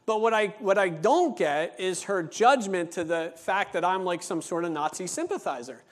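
A male pastor preaching a sermon, telling a story with lively acted-out dialogue, then slowing into an earnest teaching tone. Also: high voice. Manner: animated storytelling, acting out dialogue; slows down and turns earnest for teaching points.

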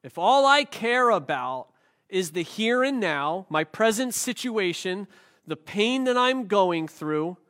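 Man preaching, high voice, middle-aged, chatty and joking, restarts a lot. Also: lively intonation, takes it slowly, fairly bright tone. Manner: conversational and joking, with frequent restarts. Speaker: pastor. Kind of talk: sermon.

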